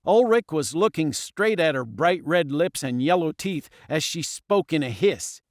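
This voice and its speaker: A man's voice: a little high, lively intonation, a little slow, no room sound, clean studio sound. A man narrating a children's audiobook expressively and dramatically. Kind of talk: scripted storybook narration.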